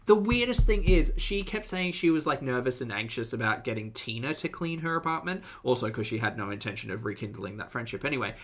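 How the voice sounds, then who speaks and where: Reaction host snarking over clips, bright sharp voice, pitch jumps up a lot when fed up. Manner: wry, sarcastic asides, exasperated outbursts.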